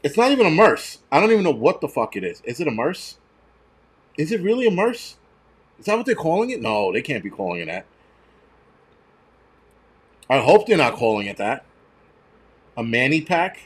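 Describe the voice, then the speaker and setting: A man's voice: fairly high pitch, very animated, normal speed, pauses often, breathy edge. A man, ranting and swearing loosely on a casual livestream. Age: 40s. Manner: profane, ranting, mocking. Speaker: livestream host.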